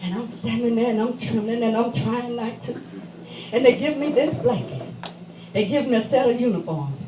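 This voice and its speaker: High-voiced woman doing a dramatic monologue, talks to the crowd like a friend, echoey church hall, mic far off. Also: normal speed, background noise. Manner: emphatic, conversational storytelling. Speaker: stage performer. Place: church meeting room.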